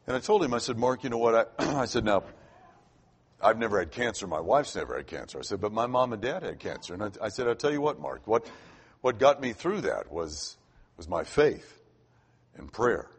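Husky-voiced older preacher, lively pitch. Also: male voice, normal speed. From Florida. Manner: conversational, repeats words when starting sentences. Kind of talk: sermon storytelling.

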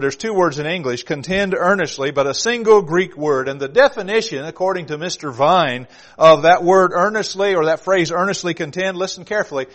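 Guy preaching in church, kinda high voice, leans hard on the verses. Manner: emphatic, reads scripture aloud with rising force. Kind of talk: sermon.

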